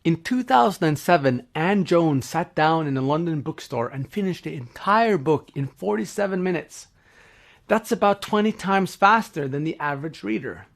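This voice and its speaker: A man delivers a scripted, explanatory lesson in a steady, informative tone. His voice is on the higher side for a male speaker.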